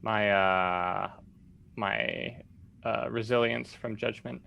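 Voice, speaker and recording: A man at a tabletop game talks through his turn, unsure and checking his abilities out loud. His voice is bright and edgy with a gravelly catch, over a faint hiss. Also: on the low side, fairly even intonation, takes it slowly, muffled recording. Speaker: player.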